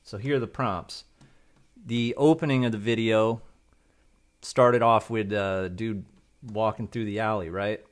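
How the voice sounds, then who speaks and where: A man with a fairly low voice and fairly even intonation talks a little slowly, leaving long pauses. A video creator, he casually walks through how he wrote his prompts in tutorial style, rambling loosely, checking in often, and tagging lines with "right?".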